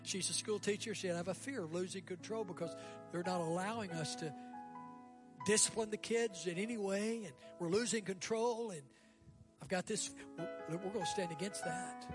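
A guest pastor, a man, preaching a sermon and leading an altar call, swinging between loud rising bursts and quiet, dropped lists. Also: sits high, normal speed, music in the background. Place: church sanctuary.

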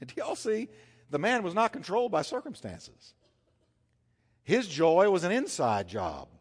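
A man preaches with a lively, rising and falling pitch, punching some phrases loudly and dropping others to a hush. His voice rings out with a long reverb, as in a church sanctuary. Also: slightly rough. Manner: animated, swings between loud emphasis and hushed intensity. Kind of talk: sermon.

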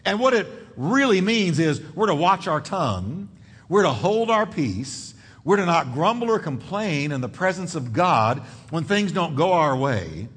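Expressive high-voiced male preacher, hall echo. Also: measured pace, breathy edge. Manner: expressive preaching with sudden drops and rises in pitch. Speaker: pastor. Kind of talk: sermon.

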